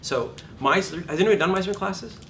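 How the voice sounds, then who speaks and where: A middle-aged man teaching an acting class in a lively, profane manner, acting out shouted examples. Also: moderate pace. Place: classroom or studio. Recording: distant room recording with background rumble.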